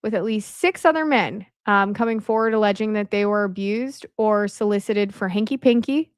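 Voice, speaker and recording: Talking fairly quickly in a medium-pitched voice, a woman narrates slides for her video from home at night. Her voice is strained and worn, though the camera mic at her desk captures clean, echo-free studio sound. Her commentary is conversational and loaded with fillers and side remarks.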